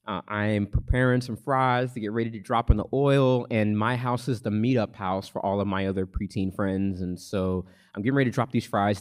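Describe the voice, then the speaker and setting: A man telling a comic personal story live on a theater stage, with a lively, suspense-building delivery. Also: fairly low pitch.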